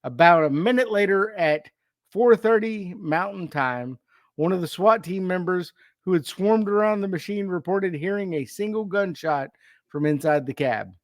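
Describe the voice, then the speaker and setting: A man's voice: sits high, expressive, moderate pace, no echo, clean studio sound. A man co-hosting a podcast, recounting a bizarre story in casual chat, reading bits aloud and laughing often. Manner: laughs often, tells anecdotes with quoted dialogue. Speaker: podcast co-host.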